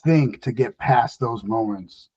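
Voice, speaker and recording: A man hosting a casual podcast talk, relaxed and asking reflective questions. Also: medium pitch, takes it slowly, breathy edge, highs cut off. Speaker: podcast host.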